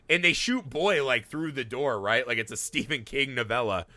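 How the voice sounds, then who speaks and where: Lively, bright-voiced man talking movies. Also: mid-range voice, fairly quick, hardly any pauses, no echo. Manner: animated, swears freely, acts out movie moments. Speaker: podcast co-host. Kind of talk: casual film podcast chat.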